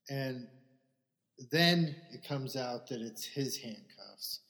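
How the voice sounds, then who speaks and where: A man's voice: medium pitch, lively intonation, slow pace, fairly bright tone, long reverb tail. A man co-hosting a podcast, retelling a sitcom episode in casual chat and acting out the characters' lines. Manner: rambling retelling with acted-out quotes. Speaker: podcast co-host.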